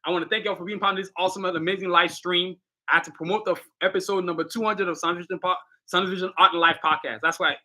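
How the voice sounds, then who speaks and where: High bright-voiced livestream host, hyped. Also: male voice, steady tone, fast talker. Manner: hyped, motivational, slangy and direct. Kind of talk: casual livestream talk.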